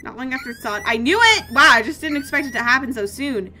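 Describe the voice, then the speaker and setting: Bright, animated young woman streamer. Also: sits high, quick pace. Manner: animated and playful, with sudden excited outbursts. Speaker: gaming streamer. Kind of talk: casual gaming commentary, reading game text aloud.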